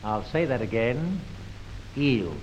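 A man's voice: mid-range voice, normal speed. A man introducing a comic impression in an old stage recording. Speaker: comedian. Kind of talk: comic monologue. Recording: muffled old recording with faint music.

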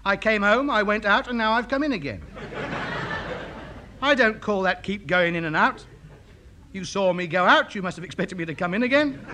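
Brief: a self-important radio hobbyist, high, lively voice, bright tone. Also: male voice, moderate pace, pauses often, noisy background. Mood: indignant. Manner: pompous, indignant, chattering. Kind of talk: radio comedy acting.

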